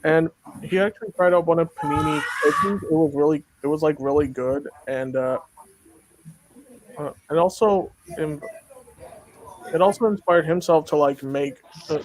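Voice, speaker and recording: A man's voice: on the high side, normal speed, slight background noise, rough recording. A man in casual chat, talking in a hesitant, meandering way. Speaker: co-host.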